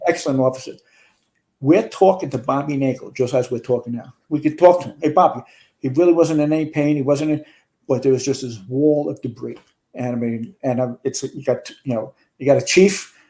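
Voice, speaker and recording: A man's voice: mid-range voice, fairly quick, dark tone. A man, a retired fire chief telling a long story in a casual interview, rambling with restarts and some swearing. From New York.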